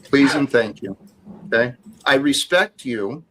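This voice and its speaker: Firm man calming a heated argument. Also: medium pitch, measured pace, background noise. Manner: firm, placating, lecturing. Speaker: guest in a heated debate. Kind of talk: argument, trying to calm things.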